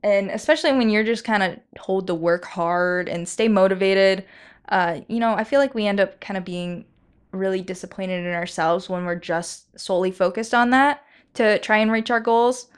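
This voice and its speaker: A woman's voice: medium pitch, normal speed, clean tone. Giggly woman co-hosting a podcast. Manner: earnest, giggly, hesitant with fillers. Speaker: podcast co-host. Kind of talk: casual chat.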